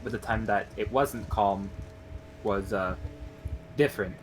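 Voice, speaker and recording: A man playing his character in a tabletop role-play, speaking haltingly and laughing off his own remarks. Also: fairly low pitch. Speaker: player. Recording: noisy background hiss.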